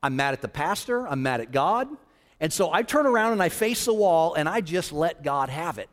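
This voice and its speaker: A man with a high, bright speaking voice preaches a story from his own life. He is animated and dramatic, swinging his pitch when he acts out what others said. The sound rings with the long reverb of a large hall. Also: fast talker. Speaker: children's ministry leader. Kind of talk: sermon storytelling.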